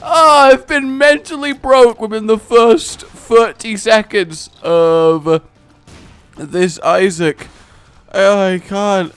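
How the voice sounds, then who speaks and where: A man giving let's play commentary, exasperated and given to sudden shouts and fits of laughter. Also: high-pitched, takes it slowly, clean tone, soft background music. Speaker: gaming commentator.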